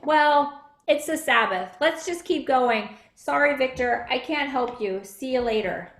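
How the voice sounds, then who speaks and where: A woman voicing a kind young female puppet girl in a children's puppet show, with a bright, exaggerated voice. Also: high voice, measured pace, echoey room. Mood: dismissive.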